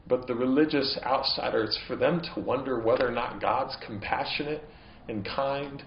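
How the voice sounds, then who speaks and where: A man's voice: mid-range voice, normal speed, lo-fi sound. Man, pastor, earnest sermon, rising to impassioned emphasis, echoey church, faint hum behind.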